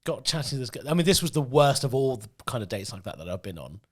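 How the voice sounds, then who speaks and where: A man co-hosting a casual podcast with a friend, full of jokes and banter. He drops to muttered asides as he tells stories, and his voice sits at a middle pitch. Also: big pitch swings, fast talker. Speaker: podcast co-host. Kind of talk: casual chat.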